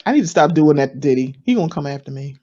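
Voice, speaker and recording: A chatty woman on a panel gives casual advice in a fairly low voice. She acts out other people's lines with leaps up in pitch. The sound is dull and lo-fi, like an online call. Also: animated, very fast, warm tone.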